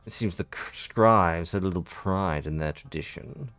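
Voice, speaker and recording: A man doing a slow, scornful harpy. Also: deep voice, a bit bright, soft background music. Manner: slow, cold, contemptuous. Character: haughty female harpy, scornful and menacing.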